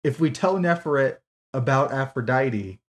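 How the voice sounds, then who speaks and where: A woman's voice: rumbling low, animated, normal speed. A woman co-hosting a podcast, casually picking apart a book with sarcastic, profane disbelief. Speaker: podcast co-host. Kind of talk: casual book-critique chat.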